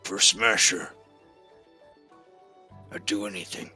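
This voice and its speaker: A man's voice: soft background music, heavily acted. A man growling out a huge, solemn bear. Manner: slow, low and hushed. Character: huge gentle male bear, slow and solemn.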